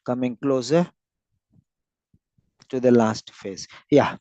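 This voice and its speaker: A man's voice: medium pitch, slow pace, mellow, no echo, dull audio. A man teaching a lesson on word and sentence stress for clinical speaking, stressing and repeating words to show the point. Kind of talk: lecture on clinical speaking skills.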